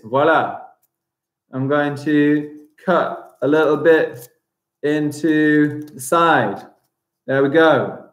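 A man teaching a live-streamed primary school craft lesson, chatting as he narrates each step aloud. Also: medium pitch. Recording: roomy echo.

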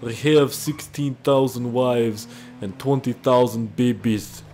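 A man's voice: mid-range voice, takes it slowly, mellow, a little hiss or hum. A man voicing a boastful Russian-accented strongman in a crude, rambling put-on impression. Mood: blustering. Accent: fake Russian. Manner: rambling, crude, fumbling for words. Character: boastful gruff Russian strongman, adult male. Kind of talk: gaming commentary impression.

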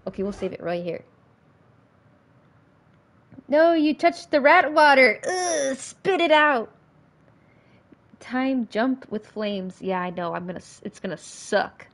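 A woman streaming her gameplay and talking to chat in a casual, excitable way. Her pitch sits a little high and swings widely, and between bursts of swearing and laughter she speaks at an unhurried pace. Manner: excitable, swears often, laughs, panicky outbursts. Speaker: livestreamer.

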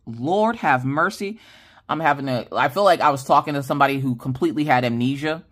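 Casual vlogger, female; animated storyteller who plays every part in her anecdotes, rambling with fillers. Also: a bass voice, very fast. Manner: animated, acts out quoted dialogue with lively voice shifts; chatty, with many fillers and restarts. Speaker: craft channel host.

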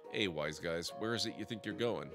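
A man reading the lines of a grumpy, rude male motel clerk in a game, with a gruff, insulting manner. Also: sits low, a little fast. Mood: surly. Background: music.

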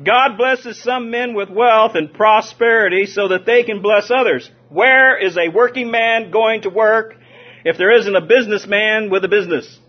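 A man from Southern California preaching a lively sermon, drawing call-and-response from his listeners and chuckling between points. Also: high-pitched, normal speed. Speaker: pastor. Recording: dull lo-fi sermon recording.

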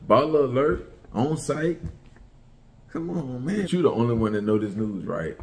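A man's voice: medium pitch, lively intonation, moderate pace. Male commentary host, heated and mocking, delivers a repetitive profane rant.

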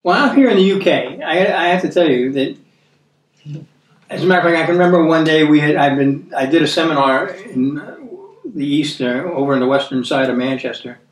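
American man preaching in an echoey room. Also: a little high. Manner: earnest, repeats words for emphasis, reads scripture slowly. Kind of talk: conversational sermon. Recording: echoey room, mic at a distance.

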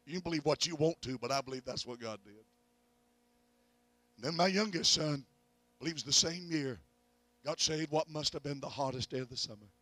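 A middle-aged evangelist preaching at a revival, telling a family story and rising to loud peaks of faith. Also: male voice, on the high side, normal speed, dry recording. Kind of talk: revival sermon. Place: church.

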